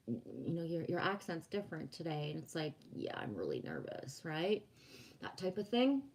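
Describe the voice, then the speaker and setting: A woman's voice: lowish voice, darkish tone. A woman from Quebec whose first language is French, hosting a casual livestream in a chatty, rambling way, reading out viewer comments and laughing often. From Quebec, Canada. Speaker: livestream host.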